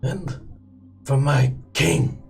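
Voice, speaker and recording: A man's voice: fairly high pitch, extremely slow, creaky, faint music behind, exaggerated voice. Vengeful warlord voiced by a man, cold and menacing. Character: vengeful cruel male warlord, merciless.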